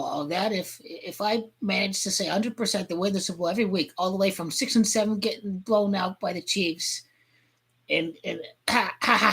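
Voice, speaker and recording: A woman vlogger ranting crudely about football, rambling and heated, with sudden shouting outbursts. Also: medium pitch, breathy edge. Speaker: sports fan vlogger. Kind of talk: profane football rant.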